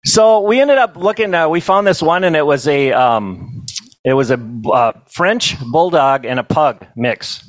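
A middle-aged man telling funny stories at a banquet, in a folksy, self-amused way with quick asides to the crowd. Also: a little high, lively intonation, dry recording, poor audio. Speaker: banquet storyteller and comedian. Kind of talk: humorous storytelling to a live audience.

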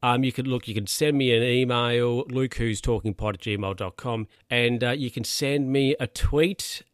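A relaxed young Australian man talks through his plans on a solo podcast, pausing and circling back as he goes. His voice sits at an ordinary middle pitch. The recording is dry and close, with no room sound. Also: no echo. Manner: rambling and relaxed, with many fillers and restarts. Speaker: podcast host. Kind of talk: casual solo podcast chat.

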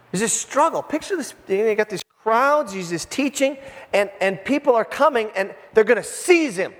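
A man preaches to his congregation in a relaxed, conversational way, leaning hard on key points and slipping into the voices of the crowd. His voice sits high for a man. The sound carries the long reverb of a church sanctuary. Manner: conversational, emphatic, acts out voices in the scene. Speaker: pastor. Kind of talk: sermon.

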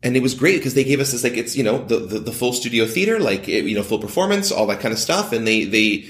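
A man's voice: mid-range voice, lively intonation, quick pace, a bit bright. A man, a playwright and director, talking casually in an interview, rambling with many restarts. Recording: echoey room.

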